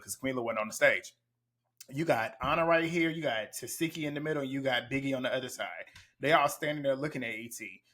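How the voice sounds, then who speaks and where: A man's voice: a little high, a bit bright. A man giving blunt, profane play-by-play commentary as he recaps a reality TV show. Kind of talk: casual reaction commentary.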